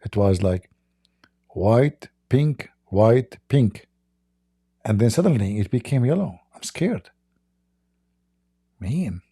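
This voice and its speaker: A man's voice: lowish voice, lively intonation, takes it slowly, pauses often, dark tone, breathy edge, dry recording, studio quality. A man hosting a livestream, giving sarcastic, joking commentary on a video clip and laughing often. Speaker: livestream host.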